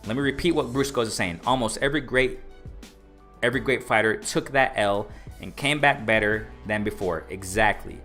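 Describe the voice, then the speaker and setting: A man hosting a casual boxing livestream, reading chat aloud and repeating himself with excitement. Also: on the low side, normal speed, faint music behind. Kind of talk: casual live-stream commentary.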